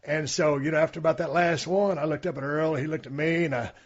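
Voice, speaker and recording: Husky guy, laid-back drawl, lots of "you know", muffled sound. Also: fairly high pitch, fairly even intonation, fast. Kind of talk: casual chat.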